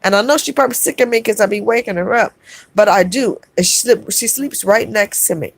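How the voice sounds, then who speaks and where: At a fairly quick pace and medium pitch, a middle-aged vlogger has an emotional talk with her live chat, no echo present. She refers to viewers as "y'all" and leans on repetition for emphasis.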